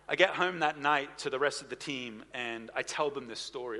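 Bright-voiced preacher in a reverberant hall. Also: male voice, mid-range voice, moderate pace. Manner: animated anecdotal storytelling with asides. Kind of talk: sermon storytelling.

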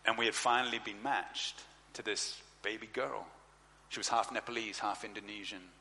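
A male preacher with a fairly low, bright and forward voice tells a personal story from the stage as part of a sermon, animatedly acting out dialogue with lively voices for its characters. He speaks at a moderate pace, and the audio has the long reverb of a large hall plus slight background noise.

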